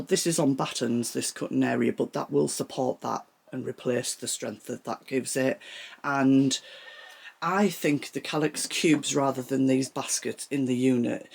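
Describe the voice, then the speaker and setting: Breathless, husky woman vlogging. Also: rumbling low. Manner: chatty, rambling, shows things as she talks. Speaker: sewing vlogger. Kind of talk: casual room-tour chat. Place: home sewing room.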